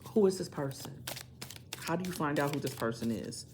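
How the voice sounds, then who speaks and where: A woman's voice: deep voice, lively intonation, a little fast, heavy background noise. A woman doing a tarot reading, speaking emphatically and repeating phrases to drive her points home. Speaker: tarot reader.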